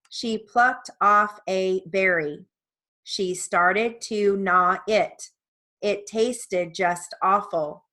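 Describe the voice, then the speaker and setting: A woman reading steno practice dictation in measured, evenly spaced phrases. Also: medium pitch, fairly bright tone. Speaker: court reporting practice dictation reader.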